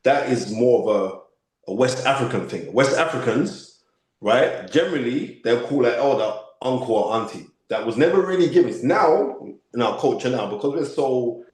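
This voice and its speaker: A fifty-year-old man with a London accent tells his stories with emphasis and energy. He often asks "you know what I mean" as he talks. His mid-pitched voice rings in a roomy, echoing space. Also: expressive, normal speed. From United Kingdom. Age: 50s. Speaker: guest. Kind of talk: animated interview storytelling. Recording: echoey room.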